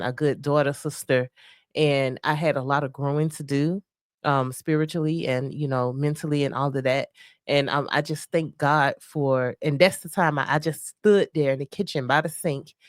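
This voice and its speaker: A woman co-hosting a faith-based marriage podcast, talking softly and reflectively with many pauses and fillers. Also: extremely low pitch, fairly even intonation, dry recording, clean studio sound. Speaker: podcast co-host. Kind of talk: casual faith-based chat about marriage.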